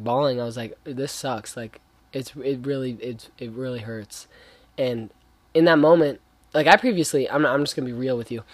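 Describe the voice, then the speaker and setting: A man's voice: medium pitch, dry recording. A young man giving a casual, earnest faith talk, rambling with slang and many restarts. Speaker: young Christian speaker.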